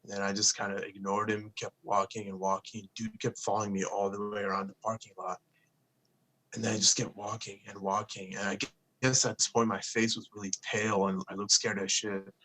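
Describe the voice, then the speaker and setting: A young man with a low voice tells a story in a relaxed co-host chat. He speaks in a flat, even way, swears freely and acts out what people said to him. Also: brisk. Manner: laid-back, swears casually, quotes people in his stories.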